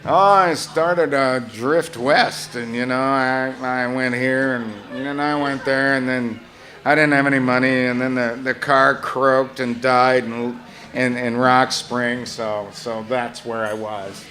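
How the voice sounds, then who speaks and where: An older man voicing a down-and-out drifter, lamenting in a low, slow, halting mumble. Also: steady tone, sharp tone. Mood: mournful.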